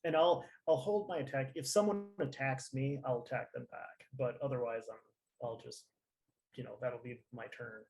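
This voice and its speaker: A man playing a tabletop game, describing his moves in a halting, restarting way. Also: mid-range voice, fairly even intonation, vocal fry, a little mellow. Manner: halting, restarts often while describing actions. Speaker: player. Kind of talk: casual in-character chat.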